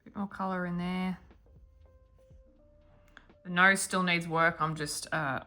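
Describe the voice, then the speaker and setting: A woman's voice: fairly low pitch, fairly even intonation, slow, sharp tone, faint music behind. A woman hosting a guided coloring tutorial, chatting and mumbling to herself as she works. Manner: chatty, mumbling self-talk while working.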